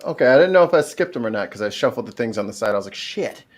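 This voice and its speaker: A man who produces the show, talking quickly and jokingly in a casual livestream chat over a video call. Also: mid-range voice, animated.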